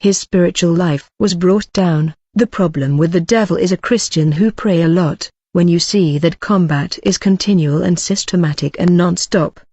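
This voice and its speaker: A woman giving a scripted narration of a religious testimony, in an even, read-aloud way with broken grammar. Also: lowish voice, normal speed, few pauses, husky, no echo. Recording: dull lo-fi recording.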